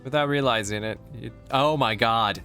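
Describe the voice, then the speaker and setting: A man with a lowish voice narrates a game for his channel, reading each line of story text aloud. He breaks off often to joke and laugh at what happens. Faint music plays under him. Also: a bit bright. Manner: joking, laughing reactions. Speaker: let's play host.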